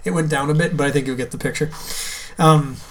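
A man's voice: fairly high pitch, steady tone, fast, a bit bright. A man co-hosting a podcast in casual chat, joking and laughing often. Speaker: podcast co-host.

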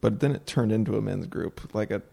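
A man's voice: on the low side, fairly quick, vocal fry, warm tone, husky. A man hosting a podcast, talking casually and rambling, with lots of fillers and quoted asides. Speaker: podcast host. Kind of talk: casual conversation.

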